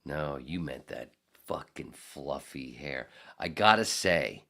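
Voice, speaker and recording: A man's voice: deep voice, unhurried, a bit bright. A man hosting a casual podcast, reading out chat comments and rambling through crude, profane jokes. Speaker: podcast host.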